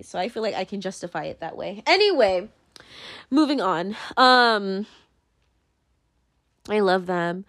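Rambling young woman, animated voice. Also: medium pitch, unhurried, long pauses. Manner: rambling, many fillers and restarts, animated swings. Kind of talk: casual rambling monologue.

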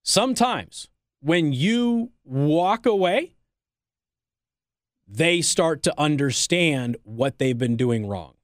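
A man's voice: a little high, lively intonation, slow pace, no room sound, clean studio sound. A man hosting talk radio, giving blunt, teasing advice in an opinionated monologue. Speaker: radio talk show host. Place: radio studio.

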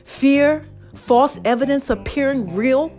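High-voiced woman telling a story. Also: slow, soft background music. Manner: animated, emphatic, talks straight to the audience. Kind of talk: casual storytelling to camera.

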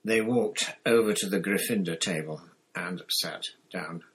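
Low-voiced measured audiobook narrator. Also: male voice, a bit bright, low-quality recording. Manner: measured, deliberate reading. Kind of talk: scripted narration.

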